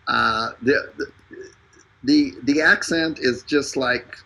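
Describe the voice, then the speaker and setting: A man hosting a live stream, making a casual, joking sales pitch full of fillers and restarts. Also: slow, vocal fry, pushed and bright, low-quality recording. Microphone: streaming over an internet connection.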